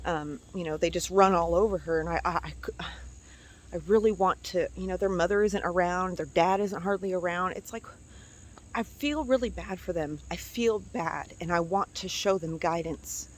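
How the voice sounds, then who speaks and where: A woman's voice: lowish voice, normal speed. A woman venting on her own vlog, angry and hurt, swearing and going back over the same points. She records on a phone outdoors near her house, with insects chirping in the background. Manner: upset, angry, swearing, repeating herself. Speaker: vlogger. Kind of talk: emotional personal vlog.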